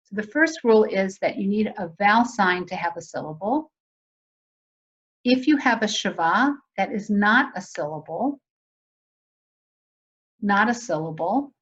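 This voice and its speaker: Woman presenter, mid-pitched, walks teachers through a method on a slightly muffled video call. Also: expressive, measured pace, long pauses, slightly rough. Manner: conversational, explanatory, asks audience questions. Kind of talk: virtual teacher training webinar.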